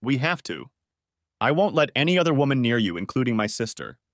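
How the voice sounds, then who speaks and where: A man's voice: mid-range voice, sing-song, brisk, no room sound, clean studio sound. A man doing a desperate pleading wife. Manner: begging, tearful.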